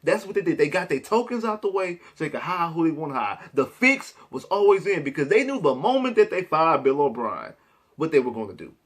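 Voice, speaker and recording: Young man, slightly high voice, emphatic and repetitive sports vlog rant. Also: sing-song, brisk. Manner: emphatic, repetitive, Southern-tinged slang. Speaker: sports vlogger.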